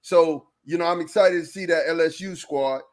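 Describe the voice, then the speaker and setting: A man co-hosting a sports podcast, talking fast and loose, repeating phrases and jumping in over his partner. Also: on the high side. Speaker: podcast co-host. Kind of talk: casual sports chat.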